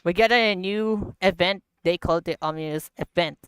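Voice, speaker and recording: A woman streaming a block-building game, talking through the update in slow, halting English with frequent laughter. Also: lowish voice, a bit bright, clear, resonant tone, no room sound. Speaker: gaming livestreamer. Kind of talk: casual game commentary.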